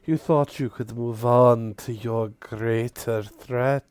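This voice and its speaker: A man's voice: mid-range voice, steady tone, darkish tone, clean tone, no echo, natural voice. A man voicing a mocking female drow matron who is half spider, drawing out each word to taunt. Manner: slow, drawn-out, taunting.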